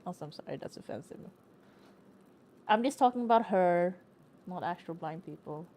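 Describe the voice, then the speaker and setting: A woman's voice: lowish voice, moderate pace. A woman streamer chatting casually and joking while she plays a story game. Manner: joking, animated asides with laughter. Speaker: streamer playing a narrative game. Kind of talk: casual gameplay commentary.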